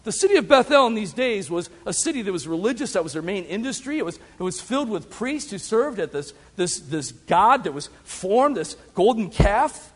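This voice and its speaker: A man preaching a sermon, swinging between loud emphatic peaks and quiet asides. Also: sing-song, moderate pace, hardly any pauses. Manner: dramatic preaching with big swings in pitch and loudness. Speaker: pastor. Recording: long hall reverb.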